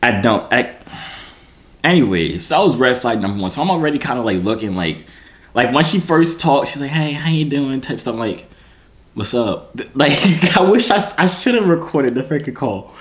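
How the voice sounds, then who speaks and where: Male vlogger, casual storytelling to camera, slangy and self-mocking, mid pitch. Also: moderate pace. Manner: animated, slangy, self-mocking, full of restarts and "you feel me".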